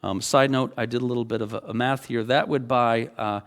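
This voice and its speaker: A middle-aged man preaching a sermon as pastor, talking in a loose, animated, conversational way and often checking in with "okay?". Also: medium pitch, a little fast.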